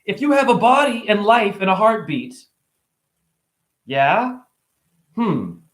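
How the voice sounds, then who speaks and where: A man giving a rambling spiritual monologue to camera, animated and preachy, joking, exclaiming and swearing casually. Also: sits high, takes it slowly. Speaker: spiritual vlogger.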